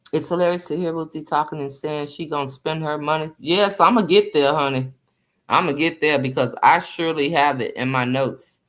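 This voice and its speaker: A woman's voice: low-pitched, a bit bright. A woman hosting a casual live stream chat, greeting viewers by name and speaking emphatically, often repeating phrases.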